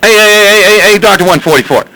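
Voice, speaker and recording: Stammering, high-voiced man on a CB radio. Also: fast, sharp tone, low-quality recording. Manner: stammering, laughing, repeating himself. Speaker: CB radio host. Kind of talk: casual CB radio banter. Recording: voice over CB radio.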